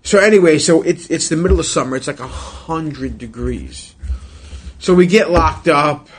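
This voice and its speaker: A man from New York telling jail stories in a casual chat, animated and swearing freely. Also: fairly high pitch, normal speed, husky. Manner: animated storyteller, swears often, acts out voices. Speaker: podcast host.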